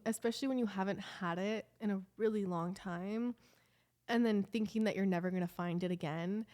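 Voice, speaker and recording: A woman's voice: a little high, a little mellow. A young woman vlogging in a casual confessional chat, emotional and rambling, full of "like" fillers.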